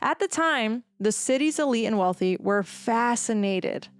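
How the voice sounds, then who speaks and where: A woman's voice: on the high side, a little slow, smooth, dry recording, clean studio sound. Chatty woman telling history casually. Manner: chatty, animated, many fillers, jumps into quoted voices. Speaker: podcast co-host presenting the research. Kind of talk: casual history podcast chat.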